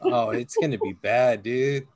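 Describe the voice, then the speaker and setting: A man's voice: mid-range voice, measured pace, dry recording. A man in his thirties chatting casually as a podcast co-host, telling crude stories and acting out the voices of the people in them. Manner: crude, animated storyteller who acts out quoted voices. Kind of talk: casual chat.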